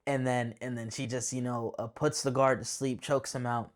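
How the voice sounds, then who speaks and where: A man reviewing a movie in a loose, chatty way. He gets excited and rambles, restarts his sentences often and drops slangy asides along the way. His pitch sits in a middle range. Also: normal speed. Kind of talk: casual spoken movie review.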